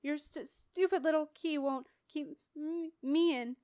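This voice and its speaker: A woman's voice: high voice, fairly even intonation, unhurried, darkish tone, no echo, clean studio sound, pitched above the performer's own voice. Storybook villain, a spiteful young man with a cold, stammering, voiced by a woman reader. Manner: stammering and snarling with a streaming cold.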